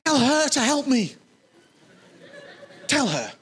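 A man voicing an exasperated, overworked woman host with a shrill, indignant complaining voice. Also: sing-song, takes it slowly, a bit bright, a faint crowd, heavily acted.

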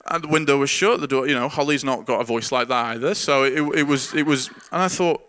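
A man's voice: medium pitch, fairly quick, a bit bright. A man who is a pastor, giving an earnest, informal sermon with frequent repeated words and chuckles. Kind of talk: conversational sermon.

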